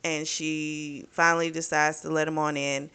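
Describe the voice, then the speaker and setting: A woman's voice: low voice, normal speed, smooth. A woman recapping a book's plot in a casual, chatty way, with frequent swearing and lots of fillers. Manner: chatty, profane, animated retelling with lots of fillers. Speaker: book reviewer.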